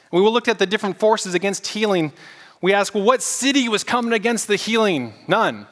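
A man preaching a casual, animated sermon and getting the congregation to repeat words back to him. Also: high-pitched, big-room sound. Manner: casual, animated preaching with audience call-and-response. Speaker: pastor.

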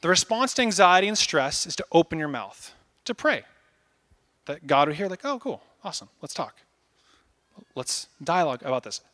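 Lively, bright-voiced male preacher. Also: fairly high pitch, moderate pace. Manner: animated, conversational preaching with acted-out asides. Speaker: pastor. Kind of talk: sermon.

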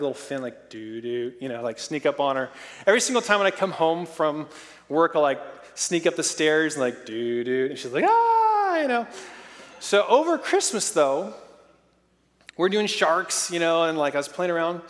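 A man in his thirties preaches in a lively, storytelling manner. His voice sits high. It rings out with a long hall reverb. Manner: lively, storytelling with playful sound effects. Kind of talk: sermon.

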